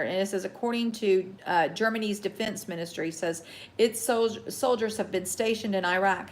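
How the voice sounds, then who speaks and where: A woman hosting a casual live news show, reading headlines haltingly with many ums, chatting to viewers and getting heated about the news. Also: medium pitch, slight background noise. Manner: reads haltingly with many ums, greets chat viewers, gets heated and worked up. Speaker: host.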